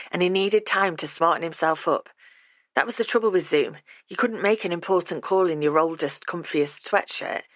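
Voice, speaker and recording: Low-voiced woman reading an audiobook. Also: no echo. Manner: steady, measured reading. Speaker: audiobook narrator. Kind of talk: scripted audiobook narration.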